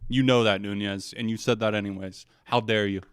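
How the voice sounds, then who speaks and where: A man's voice: lowish voice, steady tone, a little fast, clean tone, no room sound, clean studio sound. A man streaming live music reactions, tipsy from drinking, sarcastic and profane with theatrical outrage.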